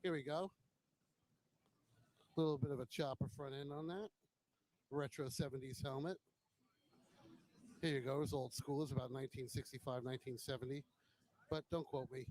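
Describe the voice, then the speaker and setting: A man's voice: mid-range voice, fairly even intonation, moderate pace, long pauses, darkish tone, slight background noise, low-quality recording. A man hosting a casual walkaround of a bike show, chatting admiringly and joking, recorded on a handheld camera as he walks. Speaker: host.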